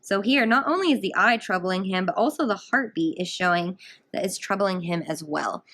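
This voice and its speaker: A woman English teacher gives a recorded guided reading lesson, explaining a story in an animated, explanatory way. Her voice is medium-pitched and her pace moderate.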